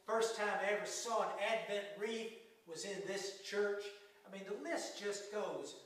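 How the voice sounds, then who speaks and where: A male pastor preaching a sermon in a slow, folksy way, with humorous asides. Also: high-pitched, steady tone, a bit bright. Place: church sanctuary. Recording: echoey sanctuary, mic at a distance.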